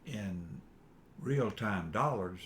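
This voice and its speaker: An older man, reminiscing in a halting, rambling way with fillers while his son interviews him. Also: lowish voice, expressive, fairly bright tone, a little hiss or hum. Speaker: father being interviewed. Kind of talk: casual family interview.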